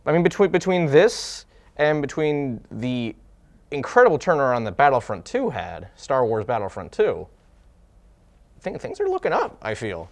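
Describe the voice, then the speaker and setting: A man co-hosting a gaming show, with a voice that swings widely in pitch. He makes sarcastic jabs in a loose, chatty way. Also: moderate pace. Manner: sarcastic, animated. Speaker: co-host. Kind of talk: casual gaming news chat.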